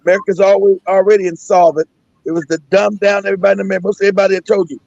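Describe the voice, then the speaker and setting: A man's voice: high-pitched, flat delivery, rapid-fire, vocal fry, darkish tone, no room sound. A middle-aged man hosting a casual talk show, ranting emphatically with plenty of profanity and repetition. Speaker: host. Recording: dull lo-fi sound.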